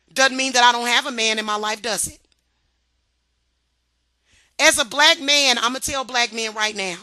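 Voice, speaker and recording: A woman's voice: fairly high pitch, pushed and bright, no room sound. A woman on her vlog, venting in a confrontational, profane, sarcastic way and repeating points for emphasis. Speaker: vlogger. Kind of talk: heated ranting vlog.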